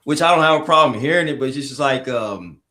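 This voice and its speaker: A man with a medium-pitched voice meanders through his points on a casual podcast, stopping on frequent ums. His voice carries a noticeable roomy echo. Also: expressive, fast, bright, forceful tone. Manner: rambling, frequent "um". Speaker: podcast panelist. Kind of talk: casual sports chat.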